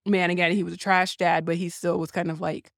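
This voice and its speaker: A woman talking casually about a film, thinking out loud with lots of restarts and hedging. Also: on the low side, little pitch movement, a little fast, vocal fry, no room sound, clean studio sound. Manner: thoughtful, rambling, many restarts.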